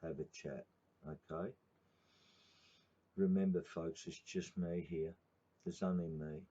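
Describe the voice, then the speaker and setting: A middle-aged Australian man with a very deep, husky voice rambles through a late-night livestream, full of fillers and blunt swearing. His tone is dark and low, and the recording sounds dull and muffled. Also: steady tone, takes it slowly. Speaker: activist channel host.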